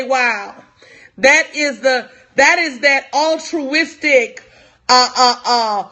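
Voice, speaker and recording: Bright high-voiced woman coach, preachy. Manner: preachy, repeats lines for emphasis; talks to viewers in chat by name. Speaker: life coach. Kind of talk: live-stream motivational talk.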